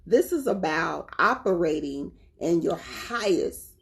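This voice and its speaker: A woman with a North Carolina Southern accent talks casually to her viewers in a fairly low voice. She is animated and laughs often as she talks. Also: slow pace. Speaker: spiritual vlogger.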